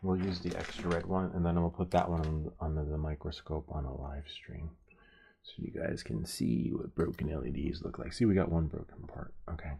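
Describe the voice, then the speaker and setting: A man's voice: very deep voice, little pitch movement, gravelly, mellow, slightly rough. A man hosting a soldering live stream who tells a rambling story while he works. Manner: rambling, halting, with many restarts.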